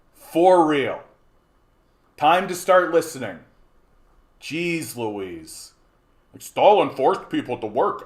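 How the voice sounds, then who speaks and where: A man from Canada hosting a livestream, ranting angrily at his chat, mocking and swearing, often repeating and stumbling over words. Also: mid-range voice. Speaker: livestream host. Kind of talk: angry rant to a live chat.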